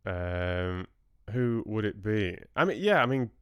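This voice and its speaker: Chatty man hosting a livestream, smooth voice. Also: fairly low pitch, expressive, slow pace, a bit bright, no echo, highs cut off. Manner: chatty and rambling, answering viewers' chat with laughs. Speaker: livestream book club host. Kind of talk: casual livestream chat.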